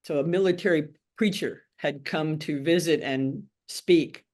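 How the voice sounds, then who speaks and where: Unhurried and a little mellow, her low voice carries an older Tennessee woman's frank, wry life story. It's an oral history interview, and she voices the people she quotes along the way.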